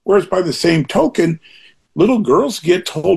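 Older man, husky, animated pitch, earnest rambling talk, reflective chat guest. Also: measured pace. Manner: rambling, earnest, with frequent restarts. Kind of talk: reflective conversation.

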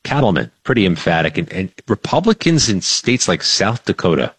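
A man with a very low voice gives political analysis as a weekly radio guest. He speaks in a measured, analytical way with a wry edge. The sound is dry and close. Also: very animated, fairly bright tone, husky, no echo.

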